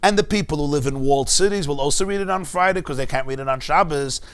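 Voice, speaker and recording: Animated rabbi teaching Talmud, higher voice. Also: male voice, fast. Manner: animated, rising to emphatic peaks, rhetorical asides. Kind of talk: Talmud lecture to a congregation. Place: synagogue class.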